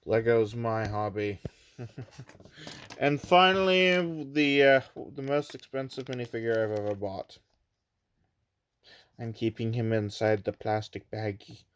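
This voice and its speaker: A man's voice: on the low side, slight background noise. A man casually reviewing his toy collection at home, rambling and hesitant, with frequent fillers and restarts.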